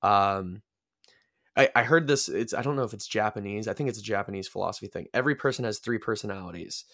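A man with a fairly low voice muses his way through a casual podcast chat. He rambles and restarts his thoughts as he goes, and his voice sounds close and dry with no room around it. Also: quick pace, a bit bright, no echo. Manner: reflective, rambling, many restarts. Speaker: podcast guest.

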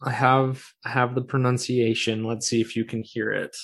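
A man's voice: medium pitch, level tone, normal speed, a bit bright. A man co-hosting a casual podcast, explaining things in an easygoing way with lots of "like"s. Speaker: podcast co-host. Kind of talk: casual chat.

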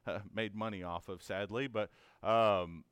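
A man's voice: lowish voice, steady tone, measured pace, a bit bright, clear, resonant tone, dry recording. A man teaching a conversational Bible lesson in an earnest, encouraging way, asking many rhetorical questions and often checking in with "right?".

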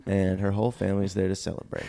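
A man co-hosting a podcast, spinning an absurd, escalating revenge story in a deadpan way. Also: deep voice, quick pace, vocal fry. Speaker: podcast co-host. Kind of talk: casual chat, comic storytelling.

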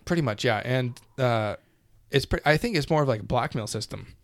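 A man co-hosting a casual podcast, animated and rambling, swearing constantly as he talks. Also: mid-range voice, fairly quick, no room sound. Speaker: podcast co-host.

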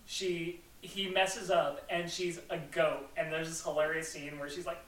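Chatty man with a bright, roomy sound. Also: a little high, little pitch movement, a little slow, recorded from a distance. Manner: rambling, many "like" fillers. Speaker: podcast host. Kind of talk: casual chat.

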